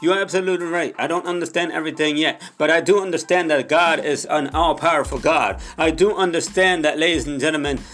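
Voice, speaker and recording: A young man preaching an impassioned sermon, repeating phrases and calling out to the audience, sometimes dropping into soft low prayer. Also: a little fast, few pauses. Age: young adult.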